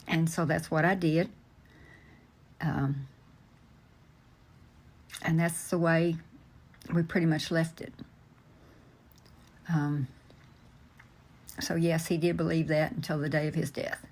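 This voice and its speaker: An older man tells a story from his past at an unhurried pace, often stopping on ums and uhs. His recollection is earnest and plainspoken. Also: a little high, little pitch movement. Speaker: storyteller recounting family memories. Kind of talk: slow personal recollection.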